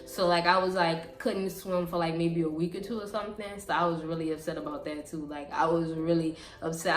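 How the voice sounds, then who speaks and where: Young woman, southern accent, dramatic storytime, echoey room, faint music. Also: on the low side. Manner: animated, dramatic, lots of fillers. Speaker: vlogger. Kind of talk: storytime vlog.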